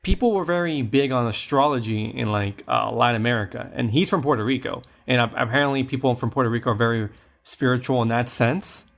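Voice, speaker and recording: A podcast co-host chats casually about a film, full of fillers and restarts. His mid-range voice is gravelly and fairly bright, and he speaks briskly.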